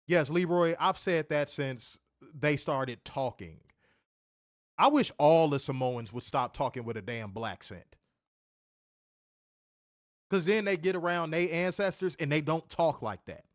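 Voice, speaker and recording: A man's voice: fairly high pitch, unhurried, no echo, clean studio sound. A man reviewing a wrestling show in casual chat, ranting animatedly and swearing often.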